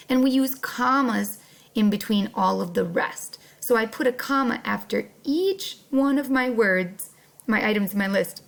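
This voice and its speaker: A young adult woman teaching a first grade class online, speaking slowly and clearly with playful emphasis. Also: mid-range voice.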